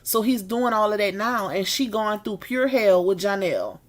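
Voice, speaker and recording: A live-stream host talks with her viewers in a mid-range voice with lively intonation. She yawns, admits she's tired and needs a nap, and chats away in drawn-out Southern-style slang with y'all and baby.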